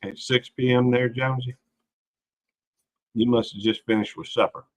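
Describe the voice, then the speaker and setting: A man's voice: medium pitch, steady tone, normal speed, poor audio. A man hosting a casual late-night livestream, rambling in a folksy way and greeting viewers by name. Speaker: livestream host.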